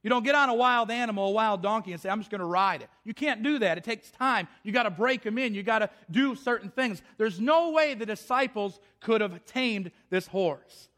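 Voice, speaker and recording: A man's voice: high-pitched, moderate pace, hardly any pauses, a bit bright. A man preaching a sermon with passion, repeating phrases and restarting his sentences. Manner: impassioned, repetitive, with frequent restarts.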